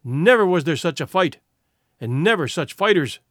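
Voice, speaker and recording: A man's voice: a little high, normal speed, dry recording, clean studio sound. A man voicing Unenk, a fierce wounded warrior. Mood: grim storytelling. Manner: fierce, boastful proclamations, flat when grim. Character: wounded male warrior, fierce, boastful, grim.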